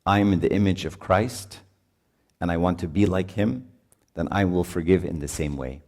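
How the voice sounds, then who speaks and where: A middle-aged man preaching at a retreat in an animated way, acting out voices of parents and children as he teaches. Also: sits low, moderate pace. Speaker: priest. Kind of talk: retreat sermon.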